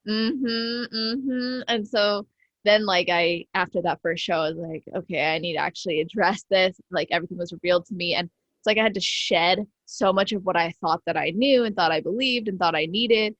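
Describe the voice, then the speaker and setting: A woman's voice: on the low side, fairly even intonation, moderate pace, a bit bright, no room sound, highs cut off. A woman hosting a podcast interview, effusive and affirming, talking casually with lots of fillers. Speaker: podcast host.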